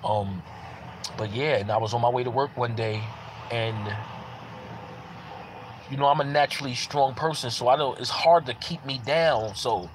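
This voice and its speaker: A man's voice: mid-range voice, slight background noise. A man giving a casual personal testimony in an earnest way, repeating phrases for emphasis. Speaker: parent sharing a personal testimony.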